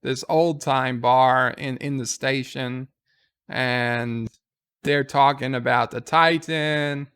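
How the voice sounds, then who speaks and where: Slow, smooth-voiced man recapping an episode. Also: mid-range voice, fairly even intonation, a bit bright. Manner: rambling retelling with fillers and quoted lines. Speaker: TV episode reviewer. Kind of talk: casual plot recap.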